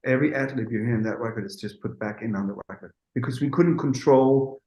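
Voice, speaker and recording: A man, a music producer, telling an animated anecdote in an interview and acting out the dialogue with quick asides. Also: medium pitch, echoey room, low-quality recording.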